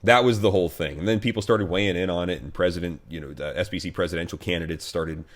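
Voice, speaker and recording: Casting: American male pastor, very low voice, chatty and wry, lots of "you know" and restarts. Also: fast talker. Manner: conversational, many fillers and restarts, wry. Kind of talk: casual video commentary.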